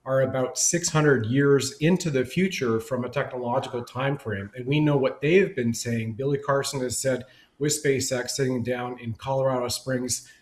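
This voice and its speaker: A man's voice: medium pitch, reverberant, poor audio. A man speaking as a guest on a discussion panel, talking in long, rambling run-on sentences. He presses his points emphatically as one thought spills into the next. The sound comes through a video call.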